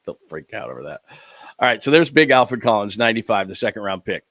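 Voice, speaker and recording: A man's voice: on the low side, sing-song, fast talker, fairly bright tone, dry recording. A man hosting a sports show, casually commenting over video clips, rambling as he fumbles with his files and mimics the people he describes.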